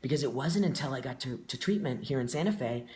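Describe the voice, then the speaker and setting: A man's voice: mid-range voice, animated, fast talker, darkish tone, slight background noise. Earnest man talking in an echoey room. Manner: reflective and earnest, with frequent fillers. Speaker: guest. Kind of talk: casual conversation.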